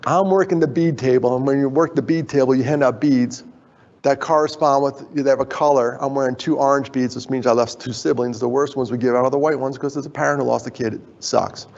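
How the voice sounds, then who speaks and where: Middle-aged male speaker, lively self-mocking storyteller, slightly husky, hall echo, dull sound. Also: mid-range voice, fairly quick. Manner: animated, self-deprecating storyteller. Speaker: conference speaker. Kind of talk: personal storytelling talk. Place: conference hall. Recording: dull recording, long hall reverb.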